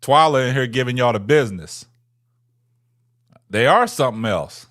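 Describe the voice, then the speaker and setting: A man's voice: mid-range voice, expressive, moderate pace, a bit bright. Taunting man hosting a casual livestream. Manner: taunting, repeats lines, ends phrases with "man". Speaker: livestream host. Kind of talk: casual livestream chat with viewers.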